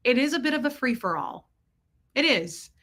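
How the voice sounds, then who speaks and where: A woman's voice: high voice, lively intonation, normal speed, fairly bright tone. A woman in her forties hosting a casual livestream, rambling and thanking viewers by name as she talks. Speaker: livestream host.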